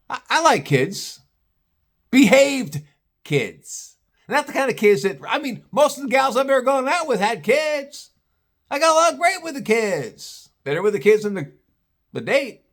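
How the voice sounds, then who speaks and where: A man's voice: high voice, fairly bright tone. A man telling an exasperated, profane story as a vlogger, with sarcastic asides.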